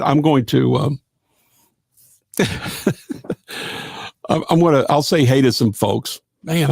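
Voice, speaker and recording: This gravelly, slightly mellow medium-pitched voice with a breathy edge belongs to a middle-aged man running a live gospel radio show. He talks in a folksy, rambling, casual live-stream style packed with fillers, recorded with no room sound.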